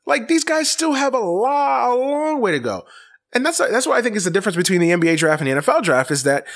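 A man rants on a sports talk show. He is exasperated and profane and keeps repeating himself. His pitch swings widely up and down as he talks. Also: big pitch swings, fast talker, creaky, fairly bright tone. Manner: exasperated, profane, repetitive ranting. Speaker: sports podcast host. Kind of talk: casual sports rant.

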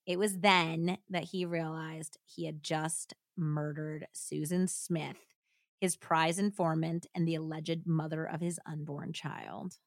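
A woman's voice: sits low, level tone, takes it slowly, dry recording, studio quality. A woman podcast host reading a true crime account aloud, voicing the quoted lines and breaking off to chat. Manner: reads aloud with acted dialogue, then chats and jokes. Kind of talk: dramatic reading with casual commentary.

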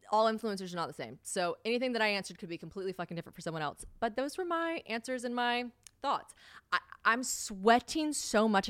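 A young adult woman hosting her own podcast, chatting casually, swearing freely and acting out quoted conversations with big jumps in pitch. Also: a bit bright, clean tone, no room sound, studio quality. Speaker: podcast host. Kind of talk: casual solo podcast chat.

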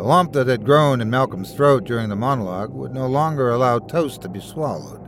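Male horror storyteller, measured delivery. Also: mid-range voice, expressive, slight background noise. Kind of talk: scripted horror narration.

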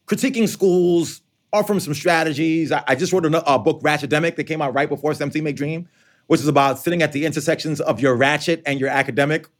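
A man, an author and educator, answering interview questions in a lively conversational way, acting out quoted lines. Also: a little high. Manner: animated, conversational, acts out quotes.

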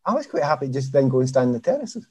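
A man's voice: mid-range voice, very animated, rapid-fire, mellow, breathy edge. A man from Glasgow with a Glaswegian accent, a former footballer telling stories as a chatty, self-deprecating podcast guest. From Easterhouse, Glasgow, Scotland. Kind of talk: casual podcast interview.

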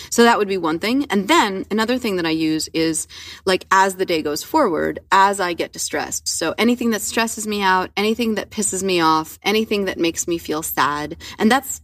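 A woman's voice: mid-range voice, moderate pace, distant mic. A woman talking candidly and profanely as a guest author, acting out the voices in her head. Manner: profane, animated, acts out inner voices. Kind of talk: candid casual conversation.

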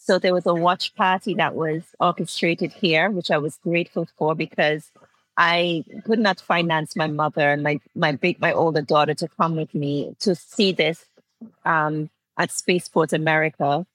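A woman in her forties from Antigua speaks as an interview guest in a heartfelt, personal way, often laughing softly through tears. Her voice sits on the lower side and is recorded dry and close, with no room sound around it. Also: steady tone, normal speed, no echo, low-quality recording. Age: 40s. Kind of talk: emotional personal storytelling.

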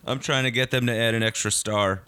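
A man co-hosting a casual comedy podcast, animated and often laughing through his lines. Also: medium pitch, fairly quick, clear, resonant tone, no echo. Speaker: podcast co-host.

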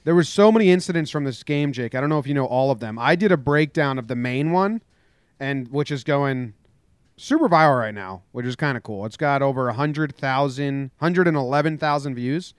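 A man co-hosting a podcast, retelling a baseball dispute in casual chat and acting out the shouting. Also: mid-range voice, fairly quick, smooth, no echo, studio quality. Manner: animated storytelling, acts out shouted quotes. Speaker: podcast co-host.

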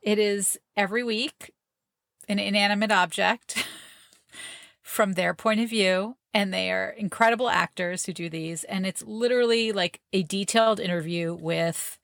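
A woman's voice: mid-range voice, a little slow, creaky, fairly bright tone, dry recording, clean studio sound. A woman co-hosting a parenting podcast, talking casually and enthusiastically with many fillers and laughs. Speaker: podcast co-host. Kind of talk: casual chat.

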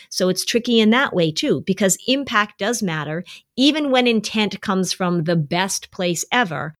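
A middle-aged woman talks through parenting advice like a relaxed chat, telling little stories and pausing to ask "right?". Her voice sits in an ordinary middle pitch, neither high nor low. She keeps an easygoing, conversational tone throughout. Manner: conversational storytelling, frequent "right?" check-ins. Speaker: podcast host and parenting advisor.

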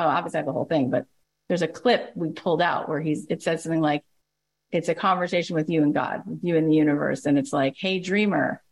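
A woman hosting a motivational podcast, enthusiastic and emphatic, stacking repeated phrases and spiritual self-help talk in rhythmic runs. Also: on the low side. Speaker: podcast host.

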